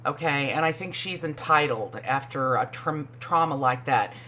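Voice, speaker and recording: A woman's voice: moderate pace, pushed and bright. A woman recapping a reality show in casual, profane commentary, sarcastic and mocking. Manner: sarcastic, swears a lot, mimics people in high voices.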